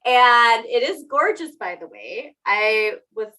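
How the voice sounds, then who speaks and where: A woman's voice: fairly high pitch, animated, takes it slowly, sharp tone, poor audio. A young adult woman co-hosting a podcast in casual chat, laughing often and teasing herself. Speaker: podcast co-host.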